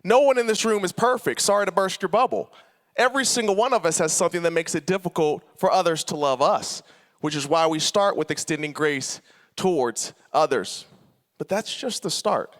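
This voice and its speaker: Animated, bright-voiced young man preaching. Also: sits high, moderate pace. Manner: animated, playful, shifts between loud and soft. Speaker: conference speaker. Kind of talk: storytelling sermon. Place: large hall with live audience.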